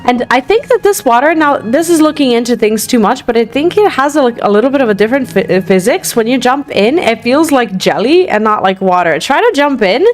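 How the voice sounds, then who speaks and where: A woman's voice: a little high, expressive, a little fast, few pauses. Giggly chatty woman gaming streamer. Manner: giggly, chatty, lots of fillers. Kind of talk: casual game commentary.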